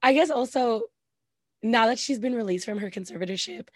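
A woman co-hosting a casual celebrity gossip chat, animated and full of "like", acting out quoted reactions. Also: a little high, fairly quick, no room sound, studio quality. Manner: animated, says "like" a lot, acts out quoted reactions. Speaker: podcast co-host.

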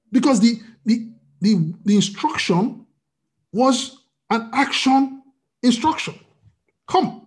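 A man preaching a sermon as pastor, asking the congregation rhetorical questions. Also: very high-pitched.

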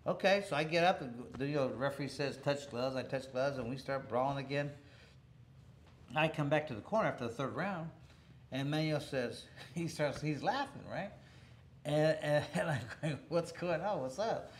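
A middle-aged man spins a story in a loose, conversational interview, circling back on himself with restarts and chuckles. His voice sits a little high for a man. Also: normal speed, a little hiss or hum. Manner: rambling, many restarts, laughs while telling. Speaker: former boxer telling a story.

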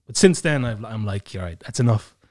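Animated swearing male podcast co-host. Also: on the low side, a little fast. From foreign to where he lives. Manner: rambling storyteller, swears and laughs often. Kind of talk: casual chat.

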